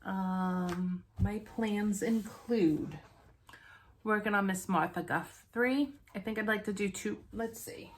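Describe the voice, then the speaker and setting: A woman's voice: mid-range voice, takes it slowly, a little hiss or hum. A woman hosting a stitching vlog, chatting casually to viewers, out of breath, rambling with many ums and restarts.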